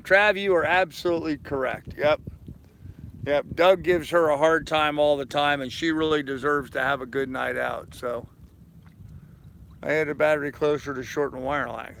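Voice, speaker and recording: A man's voice: mid-range voice, creaky, a bit bright, slight background noise. A tired man in his fifties chatting casually on a live stream from his anchored sailboat, rambling easily and answering viewers' comments. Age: 50s. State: tired, yawning. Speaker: sailing vlogger reading live chat.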